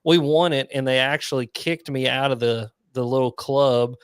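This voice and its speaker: Guy hosting a fishing chat from his house, tells stories all animated, dry close mic. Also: medium pitch, normal speed, clear, resonant tone, no echo. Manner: animated storyteller, laughs while telling stories. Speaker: podcast host. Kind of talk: casual chat. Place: home.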